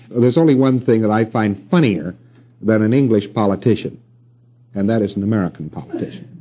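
A man's voice: on the low side, warm tone, muffled recording. A middle-aged man giving a rambling lecture to an audience, with wry asides and rhetorical questions.

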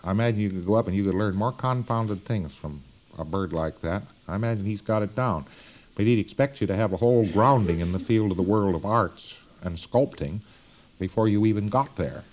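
A man's voice: fairly low pitch, fairly quick. Man lecturing on a dull old tape. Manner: folksy, emphatic, digressive. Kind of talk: lecture to students.

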